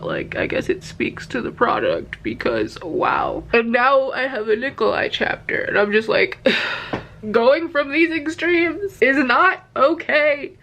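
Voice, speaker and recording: Young woman book vlogger gushing away, lots of likes, super animated. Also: a little high, gravelly, slight background noise. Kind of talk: casual chat.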